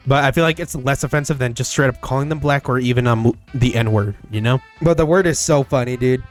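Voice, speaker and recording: A young man hosting his own gaming channel, talking casually to the camera with frequent swearing and loud excited bursts. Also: mid-range voice. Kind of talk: casual solo commentary.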